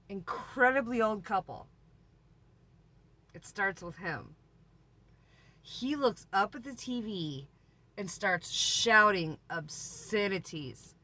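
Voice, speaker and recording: A woman's voice: medium pitch, bright, forceful tone. A woman RV vlogger telling a story in a chatty, laughing, exaggerating way. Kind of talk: story time vlog.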